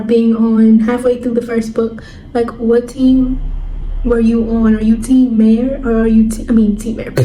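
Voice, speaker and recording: A young woman chatting excitedly in a reading vlog, gushing and filling her talk with "like.". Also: a little high. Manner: excitable, gushing, drawn-out "like" fillers. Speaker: book vlogger. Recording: echoey room, faint background noise.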